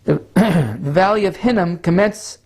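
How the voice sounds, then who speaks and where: Speaking as a pastor, a man leads a map-based sermon lesson at an even, instructive pace, stumbling slightly from time to time. Hoarse because of allergies, he has a slightly high but darkish voice that sounds scratchy and gravelly-husky, and he keeps clearing his throat.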